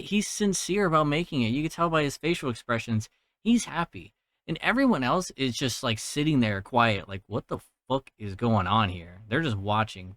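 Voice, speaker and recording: Young dude on his podcast retelling a movie, cussing a lot, middle pitch, dry close sound. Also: fairly bright tone, no echo. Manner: profane, laid-back, laughs at his own jokes. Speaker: podcast host recapping a film. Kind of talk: casual solo movie recap.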